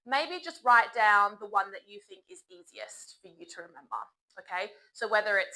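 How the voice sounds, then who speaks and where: A young adult woman teaching a beginner English lesson in an upbeat, encouraging way, modeling phrases slowly for learners to repeat. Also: mid-range voice, animated, sharp tone, poor audio.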